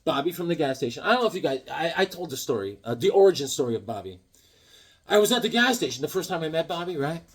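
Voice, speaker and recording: A man vlogging about his comic haul, telling rambling jokey stories in an animated way and often repeating his words. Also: on the high side, fast, husky. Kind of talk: rambling casual storytelling.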